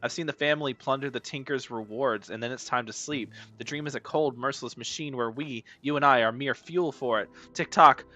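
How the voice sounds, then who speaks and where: A man's voice: medium pitch, fairly quick, hardly any pauses, bright, forceful tone, lo-fi sound, lightly acted. A man voicing a bitter, zealous rebel who calls for war, reading the game's lines aloud. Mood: fervent.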